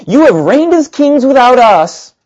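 A preacher voicing the apostle Paul in a high, slow, drawn-out sarcastic sing-song. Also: expressive, warm tone, husky, muffled recording.

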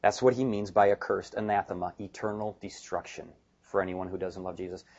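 Animated pastor preaching, dull lo-fi sound. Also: male voice, low voice, a little fast. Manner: animated and emphatic, with joking asides. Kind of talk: sermon.

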